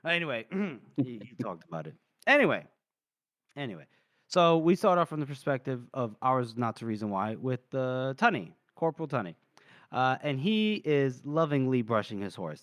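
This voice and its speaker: Young guy on a podcast, smooth clear voice, kinda high, retelling scenes and doing quick lines for the characters. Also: no echo. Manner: animated retelling, briefly acting out characters' lines, swears freely. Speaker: podcast co-host. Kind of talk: casual book-discussion chat.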